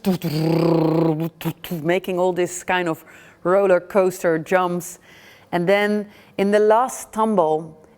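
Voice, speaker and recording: Slow, calm woman teaching yoga. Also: on the low side. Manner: calm, unhurried, gentle. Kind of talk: slow guided yoga class with storytelling.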